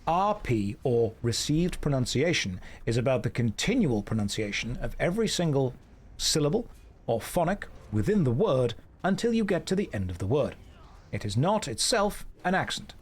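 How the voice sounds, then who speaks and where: A man with a British received pronunciation accent, chatting casually as a streamer during a game with dry, deadpan jokes. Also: mid-range voice, moderate pace, husky.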